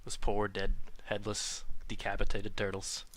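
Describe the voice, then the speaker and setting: A man calling live play-by-play for an online game tournament, quick and jokey. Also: fairly low pitch, completely flat delivery, fairly bright tone, dry recording. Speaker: esports caster.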